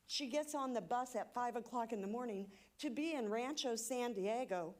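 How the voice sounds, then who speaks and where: A woman giving an emotional, indignant public comment at a city council meeting. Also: on the high side. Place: council chamber.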